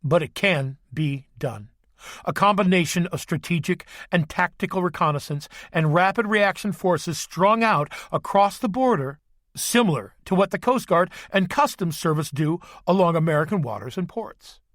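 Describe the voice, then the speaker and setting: A man's voice: high voice, animated, moderate pace, fairly bright tone, dry recording, studio quality. A man reading a stern, clipped Army sergeant major. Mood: firm. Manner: clipped, firm, respectful.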